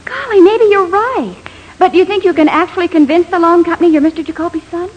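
A woman playing a sweet young girlfriend in a 1940s radio comedy, gentle and a little exasperated. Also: very high-pitched, fast talker, muffled recording. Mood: fretful.

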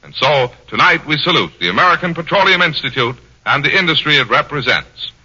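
A man reading a formal scripted commentary as a radio announcer, earnest and declamatory. His voice is slightly high and very bright and sharp. It comes through a dull, lo-fi 1940s radio recording. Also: lively intonation, a little fast, breathy edge.

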